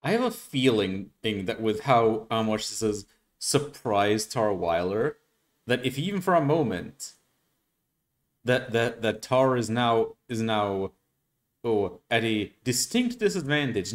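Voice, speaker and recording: A man talks through his thoughts in casual reaction commentary, his voice on the lower side. He stops and restarts often, circling back over his words as he works out his point. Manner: halting, many restarts and fillers. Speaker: reaction video host.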